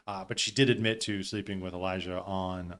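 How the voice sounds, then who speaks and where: A man's voice: sits low, fairly even intonation, brisk, fairly bright tone, a little hiss or hum. A man hosting a live stream, commenting casually with loose, profane asides. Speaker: stream host.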